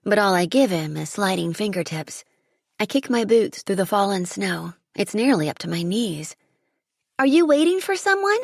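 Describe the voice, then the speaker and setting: A woman reads a first-person audiobook with vivid, dramatic storytelling. Her voice is husky with a gravelly edge. It is recorded dry and close on a studio mic. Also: mid-range voice, moderate pace, no echo. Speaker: audiobook narrator.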